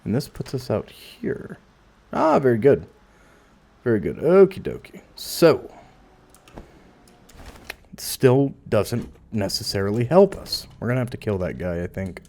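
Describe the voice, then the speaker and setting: A man's voice: lowish voice, big pitch swings, unhurried, vocal fry, pauses often, darkish tone. A man casually commentating as he plays a video game, musing aloud with dry asides. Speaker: gameplay commentator. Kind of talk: casual let's play commentary.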